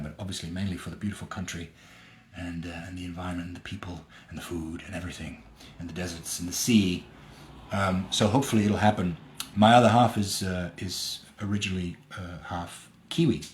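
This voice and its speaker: A man's voice: sits low, slight background noise. A man hosting a live fan Q&A and autograph signing, chatting casually and playfully as he reads out fan comments. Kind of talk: casual live-stream chat. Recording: roomy echo.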